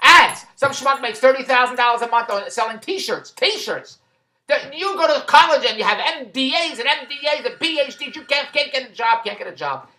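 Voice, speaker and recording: A man's voice: very high voice, expressive, normal speed, sharp tone. A man in a rambling monologue vlog, stumbling and restarting as he goes, amused at his own tangents. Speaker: vlogger.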